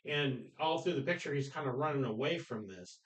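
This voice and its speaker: A man talking through movies in a relaxed podcast chat. He retells scenes with animated, storytelling energy, often breaking into loud quoted lines and laughter. His voice sits in an ordinary middle pitch. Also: brisk, rough recording. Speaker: podcast co-host. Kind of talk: casual film discussion.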